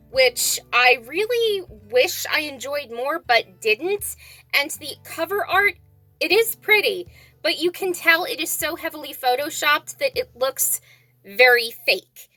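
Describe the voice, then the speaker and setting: A woman's voice: sits high, animated, takes it slowly, bright, forceful tone, faint music behind. A woman vlogger reviewing books in a casual, blunt and exasperated way. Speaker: book vlogger. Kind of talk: casual book review vlog.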